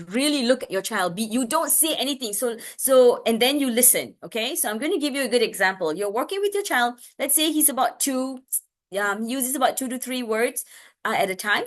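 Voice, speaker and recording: Chatty woman speech therapist, many restarts. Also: fairly high pitch. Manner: acts out lively sing-song examples. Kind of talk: parenting webinar talk.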